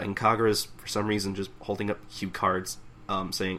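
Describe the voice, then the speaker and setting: Young guy co-hosting a chat show, bright voice, jumps into character lines mid recap. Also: fairly low pitch, level tone, moderate pace. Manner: retells scenes, acting out characters' lines in raised voices. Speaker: podcast co-host. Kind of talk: casual manga recap chat.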